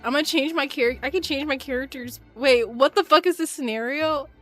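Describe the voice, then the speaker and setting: A woman in her twenties chats on a gaming stream, slangy and profane, breaking into laughs. Her voice sits a bit high, and soft music hums behind her. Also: a little fast. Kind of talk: casual gaming stream chat.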